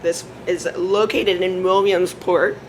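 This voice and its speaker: Unhurried woman co-host who laughs easily, rumble in the background. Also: level tone, low-quality recording. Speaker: podcast co-host. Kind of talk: casual chat. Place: bar in a bookstore.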